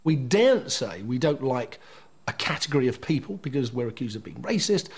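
A man's voice: medium pitch, sing-song, a little fast, breathy edge. A man speaking in an interview with an indignant, complaining manner.

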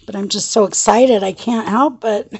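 A woman chatting through a casual craft show-and-tell vlog, gushing and excitable, laughing often and shaky with excitement. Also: mid-range voice, moderate pace, husky. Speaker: craft vlogger.

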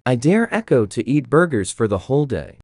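A woman's voice: rumbling low, very animated, brisk, darkish tone, breathy edge. A woman reading viewer dares aloud in a plain announcing way. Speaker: dare reader.

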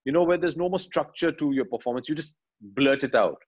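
Husky man telling a story. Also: on the high side, brisk, dull audio. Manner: animated storyteller, acts out dialogue lines quietly. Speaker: actor, interview guest. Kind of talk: conversational interview, retelling film scenes.

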